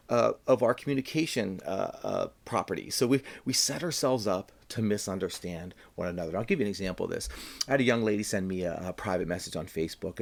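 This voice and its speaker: A man's voice: fairly low pitch, vocal fry. A man giving a short devotional Bible teaching, earnest and plain-spoken, stressing points by repeating them.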